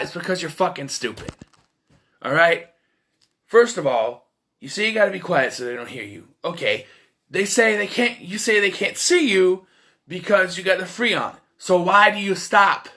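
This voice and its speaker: A man's voice: high-pitched, expressive, a little slow, long pauses, bright, forceful tone. A man giving a casual, rambling film review, exasperated and swearing freely. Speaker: movie reviewer.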